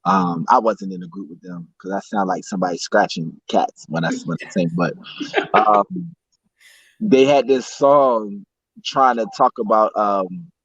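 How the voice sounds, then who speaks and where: A man's voice: lowish voice, animated, a little slow, fairly bright tone, slightly rough, no room sound. A man who is a guest author and coach, talking in a laid-back, playful way with emphatic interjections. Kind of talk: casual chat. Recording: dry, muffled lo-fi sound.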